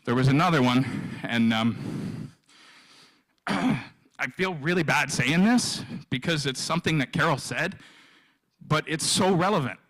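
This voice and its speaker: Halting, emotional man in his fifties. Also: fairly high pitch, expressive, fairly bright tone, rough recording. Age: 50s. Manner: halting, repeats himself, emotional. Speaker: guest speaker sharing his story. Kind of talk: emotional personal testimony at a live event. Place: live event venue.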